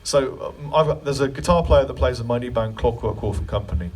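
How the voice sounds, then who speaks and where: A man's voice: mid-range voice, brisk, slightly rough, recorded from a distance. A man leading a guitar clinic in a music store, answering questions in a chatty, joking way. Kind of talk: live clinic Q&A storytelling.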